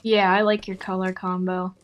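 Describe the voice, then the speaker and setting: A woman's voice: mid-range voice, flat delivery, moderate pace. A woman guest on a crafting show, thinking aloud about her choices as she works. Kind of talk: casual crafting chat.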